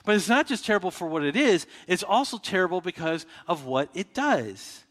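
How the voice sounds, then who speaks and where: A male pastor delivers a sermon in a relaxed, conversational way, often restarting his sentences and putting questions to his listeners. His voice sits a little higher than most men's, and it carries a long reverberation, like a church sanctuary recorded from the room. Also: normal speed. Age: adult with children. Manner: conversational preaching with frequent restarts and rhetorical questions. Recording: reverberant hall.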